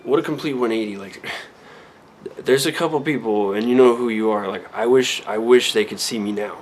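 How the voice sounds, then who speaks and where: A man's voice: mid-range voice, normal speed, slight background noise. A man in his thirties talking candidly in a personal vlog at home, reflective and rambling, with many restarts and fillers. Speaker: vlogger. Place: a room at home.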